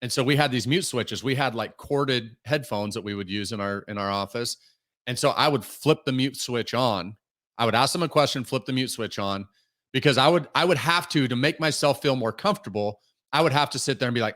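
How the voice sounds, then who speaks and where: A man's voice: medium pitch, a little fast, fairly bright tone. A man talking casually as a podcast guest, telling stories full of "like" fillers. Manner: storytelling, many fillers like "like".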